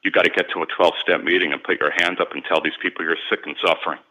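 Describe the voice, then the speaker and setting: Very deep-voiced man telling his story. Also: steady tone, very fast, bright, forceful tone, rough recording. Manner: earnest, candid, repeats words when emotional. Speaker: sports and celebrity agent, guest. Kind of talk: personal storytelling in an interview.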